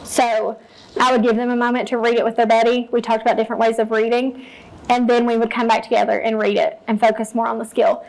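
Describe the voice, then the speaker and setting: Woman teacher, fairly high voice, practical how-to talk for peers. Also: flat delivery, fast talker, creaky, a little mellow, rough recording. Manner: practical, explains step by step and models read-alouds. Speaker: teacher presenting to fellow teachers.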